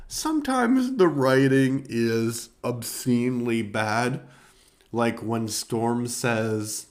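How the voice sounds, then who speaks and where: A man hosting a film review show in a casual, rambling way, with many fillers and sarcastic asides. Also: lowish voice. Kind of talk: casual spoken movie review.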